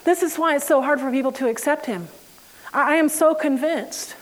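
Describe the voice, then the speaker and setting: A woman with a bright, high voice preaches in a relaxed, conversational way. She tells everyday stories with lively energy and laughter, then slows down and softens for scripture passages. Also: poor audio. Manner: animated, laughing storyteller who reads scripture slowly. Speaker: Bible teacher. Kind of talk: conversational sermon.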